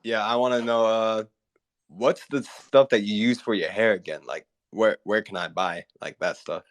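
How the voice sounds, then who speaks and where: A man's voice: lowish voice, normal speed. A male caller from Florida who speaks hesitantly, with lots of fillers.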